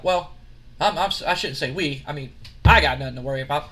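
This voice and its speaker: A man's voice: fairly high pitch, fairly quick, sharp tone. A man narrating a wrestling sim playthrough in an offhand, self-correcting way. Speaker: game commentator.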